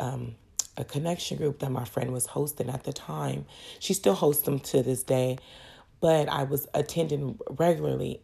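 Low gravelly-voiced woman sharing her faith. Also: dark tone. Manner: earnest, emotional, addresses viewers directly. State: tearful at times. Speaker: vlogger sharing a testimony. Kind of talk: personal faith testimony.

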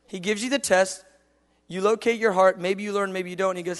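A male preacher telling a humorous sermon story, animated and jokey, acting out the dialogue himself. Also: high-pitched, moderate pace, long reverb tail.

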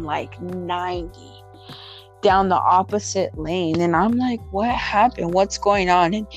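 A young woman telling an emotional personal story in conversation, halting and full of fillers and restarts, with faint music behind. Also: mid-range voice, highs cut off.

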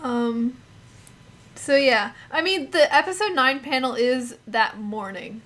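A woman's voice: high-pitched, slow pace, fairly bright tone. A young woman hosting a podcast in casual chat, laughing easily and rambling through loose, unplanned remarks. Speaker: podcast host.

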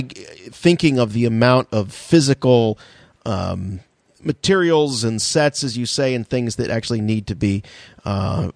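A man's voice: on the low side, creaky, no echo, clean studio sound. Chatty, rambling male podcast co-host. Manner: joking, rambling with many fillers. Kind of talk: casual chat.

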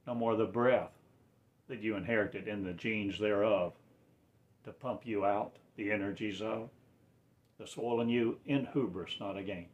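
A man delivering a rambling religious monologue, swinging between quiet low mutters and loud raised declarations, often stretching out his words. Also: steady tone, measured pace.

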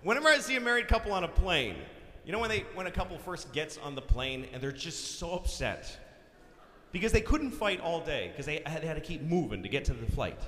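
A man's voice: fairly high pitch, expressive, brisk. A middle-aged man telling crude, exasperated jokes in a stand-up set in a large concert hall. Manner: crude, exasperated storytelling with sudden loud outbursts. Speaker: stand-up comedian. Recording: live concert hall recording, long reverb, faint crowd.

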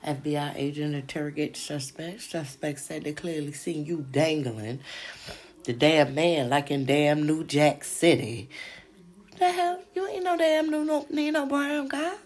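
A woman's voice: sits low, measured pace, darkish tone. A woman hosting a podcast, chatting casually about crime-show gossip in a slangy, profane way with frequent asides to her listeners. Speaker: podcast host.

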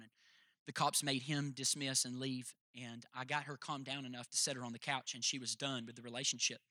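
Pastor guy preaching, really bright voice, quiet stories then loud high preaching, dry mic. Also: no room sound. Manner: storytelling that swells into loud, high-pitched preaching. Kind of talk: sermon.

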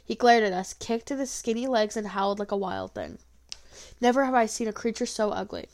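A woman reading a first-person folk tale aloud, expressive, with small slips and restarts. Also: medium pitch, moderate pace.

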